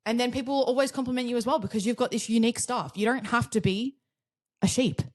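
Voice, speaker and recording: This Australian podcast co-host in her twenties talks fast, her voice a little high and her tone steady. The chat is casual, with plenty of laughter, blunt remarks and swearing.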